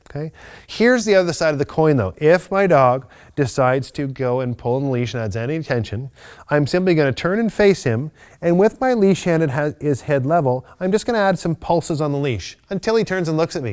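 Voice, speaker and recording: Calm instructional male dog trainer. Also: fairly high pitch, clear, resonant tone. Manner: calm, methodical explanations with upbeat praise to the dog. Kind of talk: instructional video demonstration.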